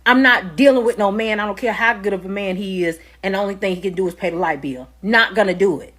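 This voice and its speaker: A woman's voice: mid-range voice, fast talker, a bit bright. Woman, casual rant, blunt, emphatic, dismissive, mid-range voice.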